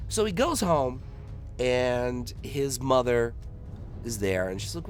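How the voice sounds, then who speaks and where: A man's voice: mid-range voice, very animated, normal speed, soft background music. A man doing gameplay commentary, telling a long rambling joke and acting out the characters in raised voices.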